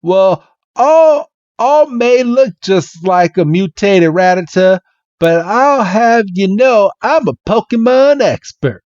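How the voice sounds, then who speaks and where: A folksy, know-it-all Southern fellow, as a man puts on the voice hollers in a high, swooping drawl. The audio is dull and dry. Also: animated, slow, a little mellow, no echo. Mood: folksy, bossy. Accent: put-on Southern American. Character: folksy Southern male Pokémon expert.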